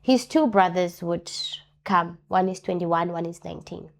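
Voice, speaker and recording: Her voice is fairly low and creaky, moving at an ordinary speed. As a guest in an interview, she recounts her own experiences sincerely, stressing key phrases through repetition and lively impressions of what others said.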